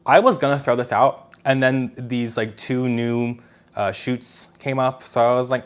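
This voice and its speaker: A man's voice: medium pitch, steady tone, a little slow, clean tone. A man chatting casually to camera at home about his houseplants, rambling and correcting himself as he goes. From Philadelphia area. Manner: rambling and self-correcting, with small laughs. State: out of breath. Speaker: plant vlogger. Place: home apartment indoors.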